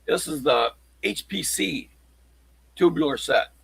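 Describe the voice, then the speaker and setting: A man talks through his locksport tools in a halting, rambling show-and-tell. His voice is gravelly and a bit husky, at an ordinary pitch for a man. The sound is dry, with no room around it. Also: lively intonation, a bit bright, no room sound, low-quality recording. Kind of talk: casual livestream chat.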